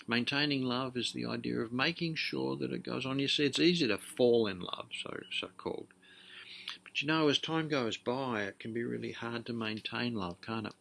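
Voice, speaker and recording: A man's voice: medium pitch, normal speed, vocal fry, pushed and bright. A middle-aged man preaching a sermon in an earnest, conversational way, often restarting his sentences. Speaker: pastor.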